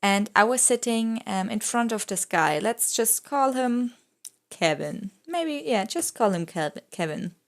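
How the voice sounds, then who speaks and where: A young woman YouTuber chatting casually over her video, rambling with lots of "like" and "I don't know", giggly and excitable. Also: a little high, measured pace. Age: young adult. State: throat a bit rough.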